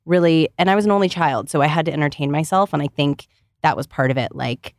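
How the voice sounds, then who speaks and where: A woman in her thirties from Ohio chats bubbly and casual as a podcast guest, sprinkling in plenty of "like." Her voice is low and fast, and the recording is dry with studio quality.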